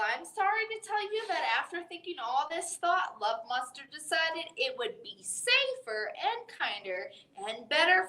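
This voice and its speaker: A woman reads a children's picture book at bedtime in a high, bright voice. She takes her time and stretches the words with big, playful swings for the little listeners. Her voice echoes around a library room. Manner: expressive storybook voice, wide swings for effect. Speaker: library storytime host. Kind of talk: children's bedtime story reading.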